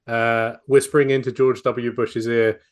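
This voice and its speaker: This New Zealand man hosts a casual film-review podcast, tossing in wry, sweary asides and laughing often. His voice is medium in pitch and level in tone, and he talks a little slowly.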